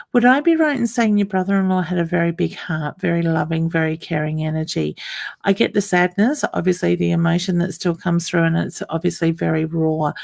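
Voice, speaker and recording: A woman working as a psychic medium in a live online reading. She speaks softly and reassuringly, calls people honey and hun, and hesitates with ums and restarts. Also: on the low side, creaky, no room sound, clean studio sound.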